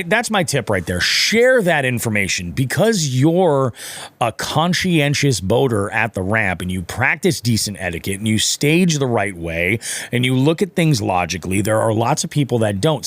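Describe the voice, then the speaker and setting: A man hosting a casual podcast chat, animated and swearing freely, acting out the people he talks about. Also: medium pitch, normal speed, no room sound. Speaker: podcast host.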